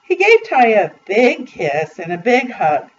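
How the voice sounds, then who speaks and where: A woman reading a children's picture book aloud in an expressive, deliberate way. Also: on the high side. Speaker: storybook reader. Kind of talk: read-aloud storytelling. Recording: distant muffled recording with faint hiss.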